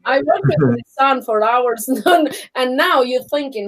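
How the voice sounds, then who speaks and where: Woman co-host for a relaxed live chat, lively storyteller who laughs a lot, pitched a touch high. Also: unhurried, low-quality recording. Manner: animated storyteller who acts out other people's voices; laughs often.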